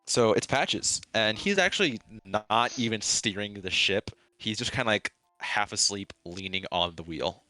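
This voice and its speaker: A man's voice: fairly low pitch, expressive, a little slow, hardly any pauses, pushed and bright, no room sound, soft background music. A man narrating a tabletop pirate game as game master, casual and loose. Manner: casual, swearing, laughing.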